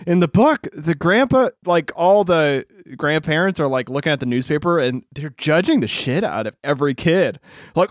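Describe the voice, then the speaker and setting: A man's voice: a little high, lively intonation, moderate pace, no room sound, studio quality. Loose, joking man recapping a film. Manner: loose, laughing, swearing, jokey recaps. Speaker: podcast co-host recapping a film. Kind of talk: casual chat.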